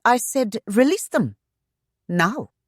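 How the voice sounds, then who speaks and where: A woman voicing a haughty, sharp-tongued young heiress who gives orders without pause. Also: medium pitch, very animated, no echo, clean studio sound, pitched above the performer's own voice. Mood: scathing. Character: haughty young lady estate heiress, fiery.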